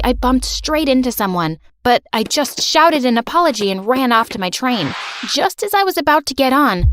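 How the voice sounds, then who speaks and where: A woman narrating her own teenage story in a lively, expressive, breathless way. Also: on the high side. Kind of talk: first-person story narration.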